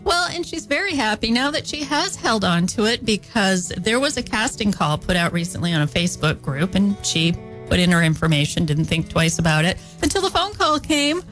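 A woman's voice: mid-range voice, sing-song, fairly quick, fairly bright tone, soft background music, poor audio. A woman co-hosting a morning radio show, telling a local feature story in an easygoing way. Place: radio studio. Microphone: studio microphone.

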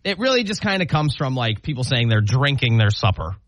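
Animated man on morning radio. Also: mid-range voice, a little fast, no room sound. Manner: playful, animated, laughs often. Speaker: radio morning show co-host. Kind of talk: casual radio banter. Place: radio studio.

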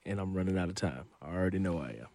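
A man's voice: sits low, racing, darkish tone, no room sound, studio quality. A man, a sports reporter, chatting as a guest on a talk show in an easygoing, sometimes hesitant way. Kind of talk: casual chat.

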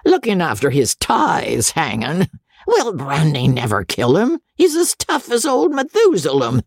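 A reader voicing a coarse, stingy old male baronet who talks roughly and drops his word endings. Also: mid-range voice, wildly swooping pitch, a little slow, no echo, clean studio sound, pitched above the performer's own voice, exaggerated voice. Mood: gruff boasting. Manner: rough, drawling speech with dropped endings. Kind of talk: audiobook character voice.

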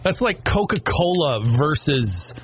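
A man's voice: on the high side, slow pace, a little hiss or hum. A man from Maine hosting a morning radio show, joking through casual banter and laughing often in a radio studio. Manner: jokey, laughs often, animated retelling.

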